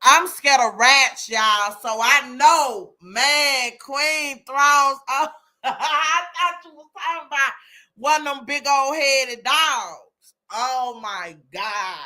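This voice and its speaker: A woman hosts a casual live chat room, exclaiming and addressing listeners by name. Her voice is high-pitched and bright, and she speaks slowly with a forceful tone.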